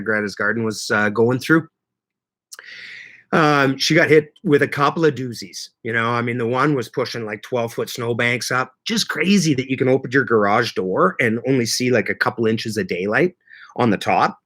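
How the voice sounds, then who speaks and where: A man's voice: mid-range voice, fairly bright tone. A man chatting casually on a livestream, rambling easygoing and laughing often as he greets viewers by name. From Canada. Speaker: livestream host.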